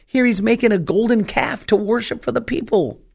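An older woman evangelist preaching with force. She fires off rhetorical questions and lands her points with emphasis, her voice climbing to loud peaks. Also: on the high side, fairly quick, creaky, slightly rough. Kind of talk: sermon.

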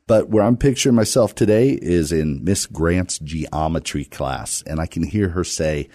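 A man hosting a radio Bible study podcast, talking casually with playful, self-deprecating jokes and sudden lively jumps. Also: low-pitched, normal speed, few pauses, dry recording, studio quality. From Virginia, US.

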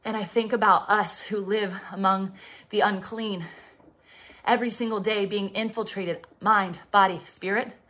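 This preacher and fitness host delivers devotional preaching from an exercise bike, breathless as she rides. Her mid-range voice is a bit bright, with fairly even intonation and a slightly slow pace, and her fervent delivery frequently drops to whispers.

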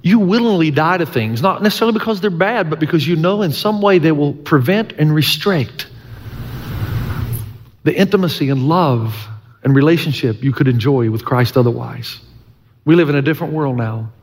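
A man's voice: fairly high pitch, expressive, moderate pace. A middle-aged male pastor preaching a sermon, earnest and emphatic, with folksy humor and repeated key lines. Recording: long church-hall reverb.

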